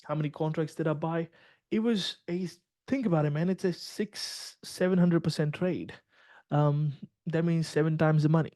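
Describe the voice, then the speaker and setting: A man's voice: on the high side, fairly even intonation, normal speed, warm tone, no echo. A man, a trading mentor, talking casually on a video call, rambling, full of slang and cursing as he tells a story to his students.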